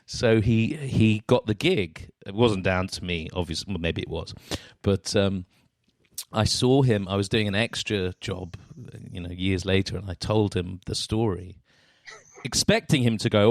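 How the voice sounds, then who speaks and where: A man's voice: lowish voice, normal speed, no room sound, clean studio sound. A man hosting an interview podcast, chatting casually and telling rambling anecdotes. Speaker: podcast host.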